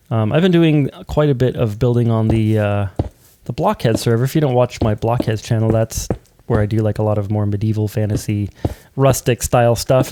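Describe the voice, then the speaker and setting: The host of a Minecraft building channel runs a tutorial, chatting casually and thinking aloud as he places blocks, often humming or counting under his breath. His voice is mid-range, with a noisy background.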